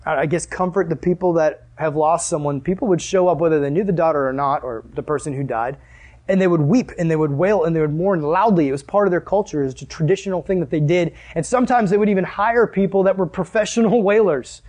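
A man's voice: fairly high pitch, fast talker, a little mellow. A male pastor preaching a sermon in a conversational way, acting out the scenes he tells.

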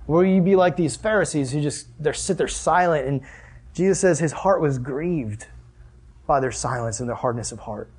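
This preacher's voice runs on the high side, breathy, at a moderate pace. Speaking conversationally, he performs the voices of Jesus and the Pharisees with animation and questions the congregation.

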